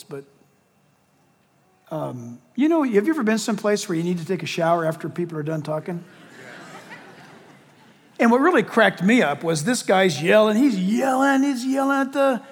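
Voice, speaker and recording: A man preaching a sermon, telling stories in an animated way and acting out what people said. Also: high-pitched, in a large hall. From United States. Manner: animated storytelling, acts out quotes. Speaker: pastor.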